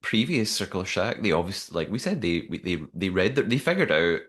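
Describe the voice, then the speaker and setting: A man co-hosting a podcast in casual chat, chatty and animated, with frequent restarts. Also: low-pitched, a little fast. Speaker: podcast co-host.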